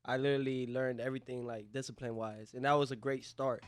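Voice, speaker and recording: A man's voice: mid-range voice, fairly even intonation, fast. A young man, a professional boxer, answering interview questions earnestly with lots of "you know". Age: young adult.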